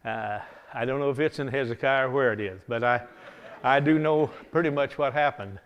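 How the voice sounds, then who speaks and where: A man preaching a revival sermon, telling a Bible story in a folksy, animated way, often chuckling. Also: medium pitch, fairly quick, lo-fi sound.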